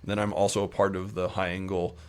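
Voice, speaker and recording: A middle-aged man with a Utah American accent, telling rambling anecdotes in a relaxed interview, slipping into playful quoted voices. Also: sits low, fairly quick. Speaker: podcast guest. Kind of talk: casual storytelling interview.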